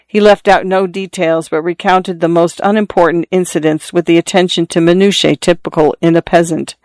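A measured audiobook narrator tells a literary story in an even, steady way. The voice is mid-pitched, smooth and clear, recorded dry and close to the mic. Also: no room sound.

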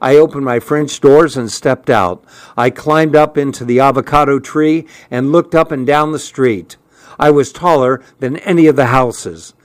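A man reading a first-person story aloud, unhurried and even. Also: medium pitch, no room sound. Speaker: narrator.

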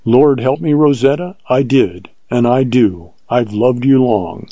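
A male narrator voicing a bold frontier ranger in a storybook reading, earnest and measured. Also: medium pitch, warm tone, no echo, lo-fi sound.

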